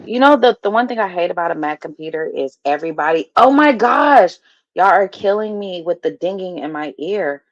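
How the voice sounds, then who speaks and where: A woman's voice: fairly low pitch, expressive, moderate pace, dry recording. A woman hosting a live stream in casual chat, blunt and easily exasperated, swearing at her viewers. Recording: dull lo-fi stream audio.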